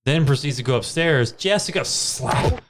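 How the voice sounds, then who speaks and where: A man co-hosting a podcast, recapping a movie in casual chat with deadpan jokes and swearing. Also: medium pitch, moderate pace. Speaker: podcast co-host.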